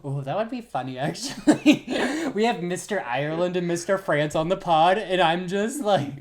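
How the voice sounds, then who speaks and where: A young woman with a low-pitched voice co-hosting a podcast. She chats casually, laughs easily, and breaks into gushing high-pitched bursts when she gets excited. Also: normal speed. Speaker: podcast co-host. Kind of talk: casual chat.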